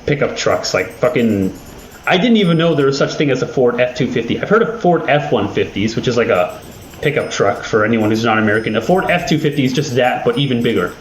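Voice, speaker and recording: A man's voice: medium pitch, animated, brisk, roomy sound, a little hiss or hum, poor audio. A man hosting his own channel, chatting casually and rambling with lots of swearing and self-deprecating jokes. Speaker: video host. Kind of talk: casual rambling chat over gameplay.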